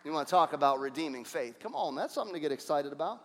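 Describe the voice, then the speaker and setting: A male pastor preaching a sermon, energetic, throwing out rhetorical questions and swinging between loud and soft. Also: on the high side, rapid-fire, in a large hall.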